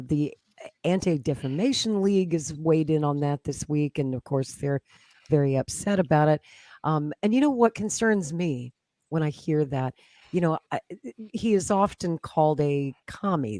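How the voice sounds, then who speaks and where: A woman from Canada, a historian, giving measured, earnest political commentary. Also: low voice, darkish tone, dry recording. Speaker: historian guest. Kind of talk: political discussion.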